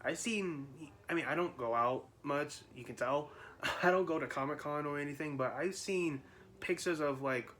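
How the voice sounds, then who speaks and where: A man's voice: on the high side, moderate pace, fairly bright tone, a little hiss or hum. A man vlogging in casual chat, rambling with frequent laughs, restarts and fillers.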